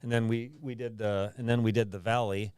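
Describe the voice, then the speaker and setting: A man's voice: on the low side, little pitch movement, fairly quick, darkish tone, smooth, no room sound. A man, a guest band member, telling in a laid-back way how the record came together. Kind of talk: casual podcast interview.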